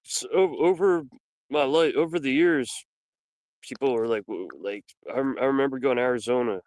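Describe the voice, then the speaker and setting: A man's voice: mid-range voice, normal speed, darkish tone, rough recording. A man chatting as a guest on a live stream panel, blunt and telling stories. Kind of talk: casual live stream chat.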